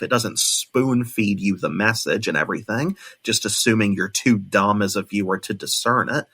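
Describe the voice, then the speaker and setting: Husky-voiced man hosting a podcast. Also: lowish voice, fairly bright tone. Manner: analytical, thoughtful, repeats words when restarting. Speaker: podcast host. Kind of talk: solo podcast commentary.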